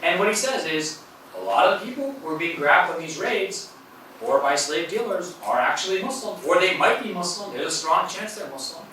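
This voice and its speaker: A man's voice: high voice, expressive, normal speed, bright, forceful tone. A man, a university professor, giving an academic lecture in a hall in a conversational way, with fillers and self-corrections. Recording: very echoey hall, voice from a distance, faint noise.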